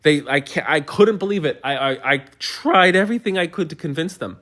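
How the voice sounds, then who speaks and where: A man's voice: on the high side, expressive, brisk, a bit bright. A man hosting a livestream, answering viewer comments in a heated, argumentative way with many stumbling restarts. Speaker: livestream host.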